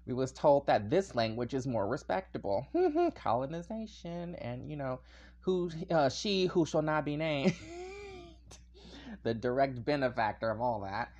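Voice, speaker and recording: Man, podcast host, casual solo monologue, animated, digressive, laughs often. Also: medium pitch, moderate pace. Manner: animated and chatty, wanders into tangents with frequent laughs.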